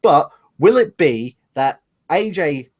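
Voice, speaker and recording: A man's voice: fairly high pitch, lively intonation, takes it slowly, a little mellow. A man co-hosting a casual live discussion show, rambling and speculating, laughing at himself, talking over a webcam. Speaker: podcast co-host.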